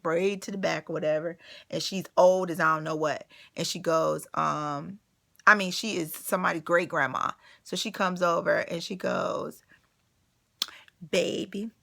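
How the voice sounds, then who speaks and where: Woman vlogger telling a story, gravelly, bright and sharp, all over the place. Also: lowish voice. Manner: animated, full of fillers and restarts, quotes people. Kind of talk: casual storytelling.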